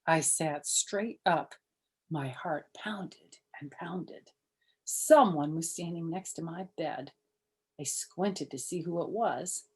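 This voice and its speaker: A woman's voice: deep voice, darkish tone, slightly rough. An older woman reading a children's chapter book aloud, with chatty asides to her listeners. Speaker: storyteller.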